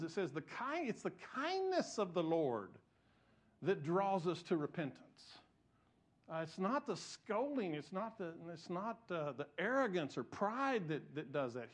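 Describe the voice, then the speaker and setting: A pastor preaching a sermon, telling stories with self-mocking humor and frequent restarts. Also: male voice, high-pitched, fairly bright tone.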